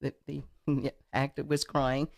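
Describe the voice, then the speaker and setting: A woman's voice: rumbling low, flat delivery, takes it slowly, gravelly. A middle-aged woman guest in a studio interview, telling a story in a chatty way, with frequent fillers and repeated words. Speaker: political candidate, guest.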